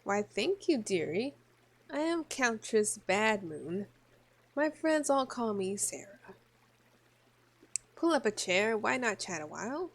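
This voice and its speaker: A woman voicing a languid noble countess while reading a visual novel aloud in voices, with a slow, drawn-out, mock-regal delivery. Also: on the high side, sing-song, heavily acted. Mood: welcoming.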